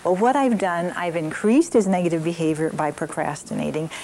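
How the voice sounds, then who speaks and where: A woman's voice: on the low side, a little fast, mellow, a little hiss or hum, rough recording. An older woman leading an evening parenting class, telling stories and examples with frequent fillers.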